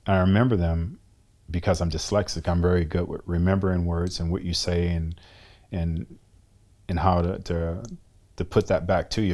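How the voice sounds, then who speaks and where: A middle-aged man, a guest in an interview, telling his story with animated energy, acting out conversations and often repeating words as he restarts. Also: deep voice. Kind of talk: candid storytelling in a long-form interview.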